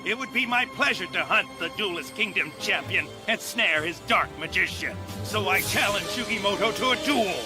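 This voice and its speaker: A man's voice: high voice, animated, moderate pace, few pauses. An actor playing a gloating, predatory male card hunter in a cartoon dub, with music under him. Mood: sneering. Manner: menacing, gloating. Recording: played over loud music.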